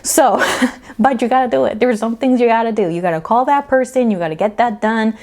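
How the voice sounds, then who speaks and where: A woman's voice: a little high, a little fast, darkish tone. A woman giving a casual pick-a-card tarot reading, chatty and emphatic, often checking in with "okay?" and laughing between points. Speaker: tarot reader.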